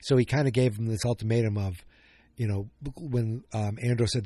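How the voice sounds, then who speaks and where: A man's voice: fairly low pitch, steady tone, moderate pace, dark tone, dry recording. Rambling man on a dry podcast mic. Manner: rambling, thinks aloud with many fillers and self-corrections. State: yawning, tired. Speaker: podcast host. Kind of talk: casual solo recap.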